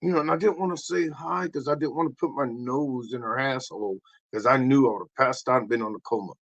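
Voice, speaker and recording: A man hosting a livestream, rambling through a crude comic rant, acting out little voices and bursting into shouts. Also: mid-range voice, fast talker, lo-fi sound. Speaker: livestream host.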